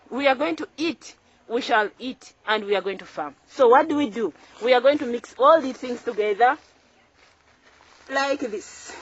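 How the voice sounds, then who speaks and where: A woman farmer hosting her own channel, showing in a casual tutorial how to plant crops outdoors. She repeats phrases as she works with her hands and keeps her tone upbeat and instructive. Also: fairly high pitch. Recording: dull lo-fi recording.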